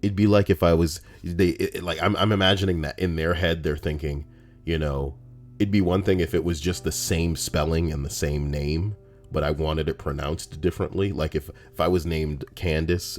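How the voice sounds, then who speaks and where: A man reading out Reddit posts on a livestream, rambling and profane in a casual, animated way. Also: extremely low pitch, normal speed, faint music behind.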